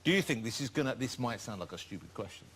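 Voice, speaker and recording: A man's voice: mid-range voice, lively intonation, fast, breathy edge. A middle-aged British man hosting a chat show, asking questions in a teasing, playful, mock-apologetic way. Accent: British English. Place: TV studio before live audience. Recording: loud studio audience and noise.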